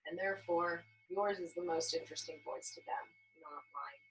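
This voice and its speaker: A young woman teaching a baby yoga class, explaining gently and encouragingly with frequent "um" fillers. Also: on the low side, normal speed, a little hiss or hum, low-quality recording. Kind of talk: instructional class narration.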